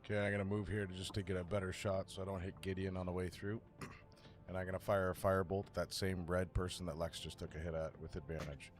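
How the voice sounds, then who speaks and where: A man playing a tabletop game, calling out his moves in a quick, matter-of-fact way. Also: deep voice, little pitch movement, soft background music. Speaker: player. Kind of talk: casual game talk.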